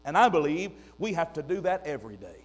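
Older man, preacher, high voice, emphatic sermon, loud then hushed. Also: big pitch swings, quick pace.

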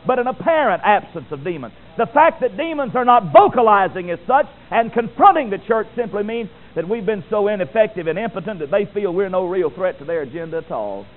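A man preaching a sermon, emphatic, swinging from loud declarations to quiet, solemn asides, heard through a tinny recording. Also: high-pitched, lively intonation, a little fast, hardly any pauses.

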